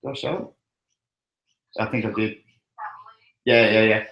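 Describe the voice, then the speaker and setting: A young man with an Australian accent runs a casual crypto live stream, chatting and frequently laughing as he reads viewer comments. His lowish voice holds a steady tone at a slightly slow pace, the highs are cut off, and the room is echoey.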